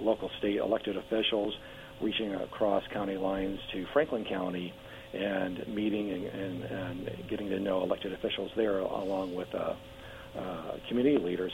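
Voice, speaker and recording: A man running for local office, talking eagerly in a radio interview, hoarse and losing his voice, with frequent restarts and fillers. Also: low-pitched, fairly even intonation, moderate pace, a little mellow. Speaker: political candidate guest. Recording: tinny phone line with faint hum.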